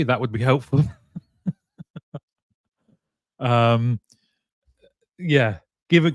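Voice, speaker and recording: A man's voice: medium pitch, smooth, dry recording. Chatty male live-stream host, dry sound. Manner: chatty, greets viewers by name, many ums. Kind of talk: casual live-stream chat.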